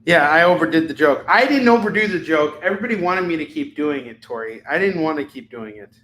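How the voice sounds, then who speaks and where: On a poor-quality recording with slight hiss or hum, a live shopping show host pitches products in chatty, jokey live-stream selling talk. His voice is a little high and a bit bright, with lively intonation, and he fires off prices rapid-fire.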